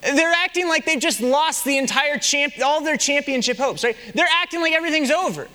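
A man's voice: very high voice, fairly quick, long reverb tail. A young man preaching a sermon, telling stories and asking the congregation rhetorical questions. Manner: animated storytelling with rhetorical questions. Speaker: pastor.

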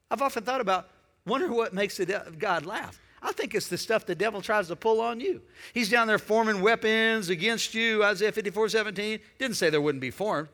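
A man preaching a sermon, emphatic and building to shouts, calling on the congregation to respond. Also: sits high, big-room sound. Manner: calls on the congregation. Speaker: pastor.

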